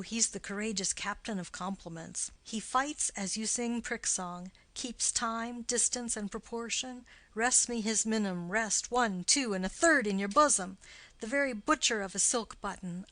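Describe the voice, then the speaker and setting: A woman's voice: mid-range voice, bright, forceful tone, no room sound. A woman reading the part of a witty, mocking young nobleman in an audiobook of a play. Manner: quick, punning banter.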